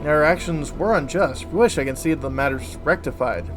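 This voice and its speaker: A man's voice: on the high side, a little fast, over music, lightly acted. A man reading the lines of a bitter, scarred woman in a game, with broken grammar and a blunt, angry manner.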